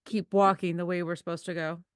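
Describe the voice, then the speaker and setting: Woman player, lower voice, casual and chatty, dry mic. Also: flat delivery, fairly quick, clear, resonant tone, no echo. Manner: chatty, explains her moves. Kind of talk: casual tabletop play.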